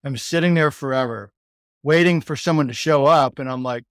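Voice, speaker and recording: Texan man, smooth voice, rambling storyteller. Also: mid-range voice, normal speed, a bit bright, no room sound, clean studio sound. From Texas, United States. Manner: loose, rambling storyteller with many "like" and "you know". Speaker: podcast guest, sales executive. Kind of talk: casual storytelling interview.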